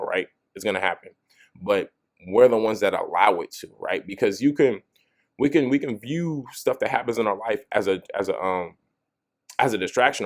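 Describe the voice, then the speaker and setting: A young adult man with a lowish voice hosts a motivational video, talking straight to the camera in a loose, casual way. He thinks aloud, restarting lines and repeatedly circling back with "you know what I'm saying."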